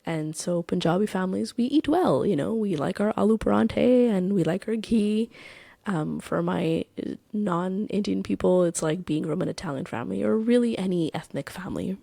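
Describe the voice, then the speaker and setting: A woman's voice: medium pitch, normal speed, gravelly, mellow, no room sound. A young adult woman hosting a podcast, talking candidly and emphatically about her own life, swearing for emphasis. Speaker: podcast host. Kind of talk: personal podcast monologue.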